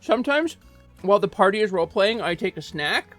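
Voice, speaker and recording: Animated woman game master. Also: medium pitch, a little fast, soft background music. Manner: playful, animated storytelling. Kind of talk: narrating a tabletop game stream.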